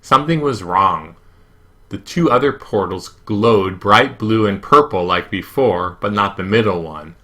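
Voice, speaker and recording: A man reading a children's novel aloud in first person, with a lively, emphatic delivery. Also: lowish voice, a little slow. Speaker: audiobook reader. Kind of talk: first-person storybook narration.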